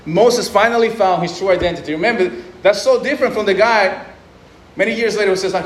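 Man preacher, high voice, casual acted-out quotes, roomy hall echo. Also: fast talker. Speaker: pastor. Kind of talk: sermon. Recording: echoey room, faint noise.

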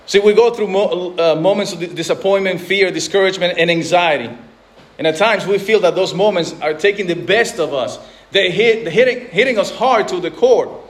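Earnest male pastor, high voice, preaching with restarts and repeated words. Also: normal speed. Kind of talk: sermon.

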